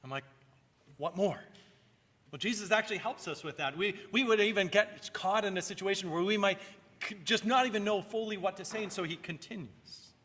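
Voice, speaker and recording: A man's voice: sits high, a little fast, bright, forceful tone, big-room sound. A male pastor preaching a sermon in an earnest way, rising and falling for emphasis and sometimes repeating a word.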